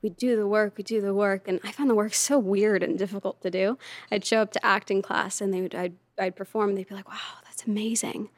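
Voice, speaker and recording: A woman guest on a podcast, telling stories casually and lively, often slipping into quoted voices. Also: mid-range voice, a little fast, no room sound. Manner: animated, lively storyteller who slips into quoted voices. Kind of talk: casual storytelling in conversation.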